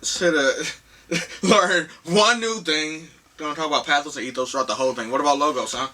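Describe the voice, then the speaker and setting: A man co-hosting a casual movie review chat, teasing and quick to laugh and correct his co-host. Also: fairly high pitch, sharp tone, distant mic.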